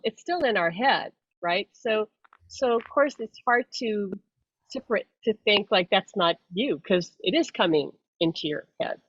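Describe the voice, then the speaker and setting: A woman's voice: on the high side, no room sound. A woman psychic medium talks through her ideas in a loose, rambling way. She trips over restarts and laughs as she goes. The audio is dull and lo-fi, with a dry, close sound. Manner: rambling, self-interrupting, laughs often. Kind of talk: casual explanatory chat.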